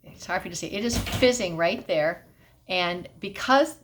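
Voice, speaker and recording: Woman, middle-aged, science teacher, patient explanations, lowish voice, faint background noise. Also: normal speed. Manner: patient, explanatory, checks in with okay. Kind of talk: classroom science lesson on video. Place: at home.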